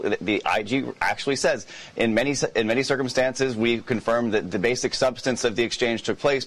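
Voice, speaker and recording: A man, a journalist guest in a news interview, talking quickly with many restarts and repeated words. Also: mid-range voice.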